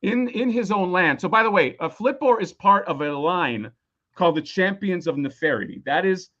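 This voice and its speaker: A man's voice: high-pitched, animated, normal speed, a bit bright, muffled recording. A man losing his voice, rambling casually and swearing a lot while explaining a toy on a live stream. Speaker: toy designer presenting a crowdfunding campaign.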